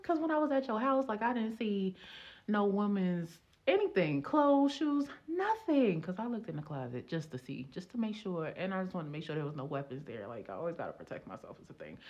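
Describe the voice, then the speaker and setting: A woman vlogger telling a personal story and giving relationship advice in a casual, animated, playful way, with teacherly asides. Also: mid-range voice, a little fast. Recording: dull lo-fi audio.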